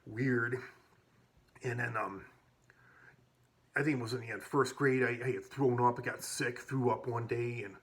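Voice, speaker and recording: A man's voice: medium pitch, steady tone, measured pace, long pauses, a bit bright. A man casually telling stories from his school days, rambling with many restarts and plenty of casual swearing. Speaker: vlogger. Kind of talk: casual storytelling.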